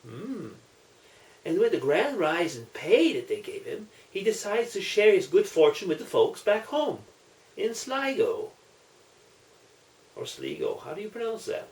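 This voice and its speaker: A man's voice: high-pitched, sing-song, darkish tone. A man telling jokes in a casual video, chatty and commenting on his own stories. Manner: chatty, unhurried, self-commenting. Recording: echoey room, distant mic.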